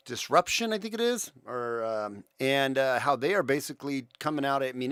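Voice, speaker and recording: A man's voice: medium pitch, fairly bright tone, clear, resonant tone, no room sound, studio quality. A man hosting a casual livestream, talking with viewers in a rambling way with many restarts. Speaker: livestream host.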